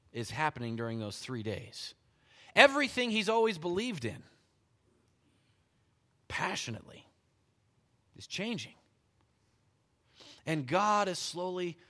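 A man preaching a sermon, reading scripture and retelling it in animated storytelling style with frequent chuckles. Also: fairly high pitch. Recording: long hall reverb.

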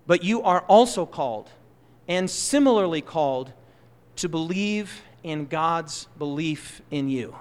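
A high-voiced male preacher delivering an impassioned sermon. He drives his points home with loud, rising bursts, then drops into slow, quiet asides. The sound carries a long reverb from the church hall. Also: lively intonation, smooth. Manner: impassioned, swings between loud emphasis and soft slow asides.

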